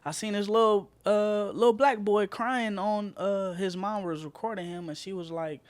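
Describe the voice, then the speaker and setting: A man's voice: high-pitched, fairly even intonation, moderate pace, few pauses, dry recording. A man co-hosting a casual podcast, ranting passionately and swearing a lot. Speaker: podcast co-host.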